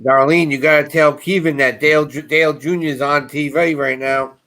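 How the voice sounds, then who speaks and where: A man's voice: on the high side, steady tone, fairly quick, sharp tone. A man on a casual livestream, mostly chiming in with short agreeing remarks. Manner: brief agreeing interjections.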